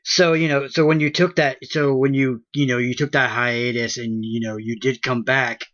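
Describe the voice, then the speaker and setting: A male interviewer asks questions casually, working his way through fillers and restarts at a middling pitch. The recording sounds somewhat dull and lo-fi. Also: fairly even intonation, fairly bright tone. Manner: loose, halting questions with fillers.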